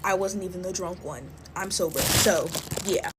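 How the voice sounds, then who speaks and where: A woman's voice: lowish voice, moderate pace, very noisy. A woman in her twenties chatting casually while making slime, drawling and filling her talk with "like" and "y'all". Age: 20s.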